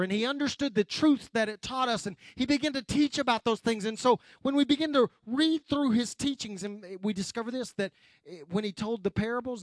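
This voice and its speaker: A man's voice: very high-pitched, no echo. A man preaching a sermon as pastor, folksy and chatty with the congregation, often restarting and adding asides.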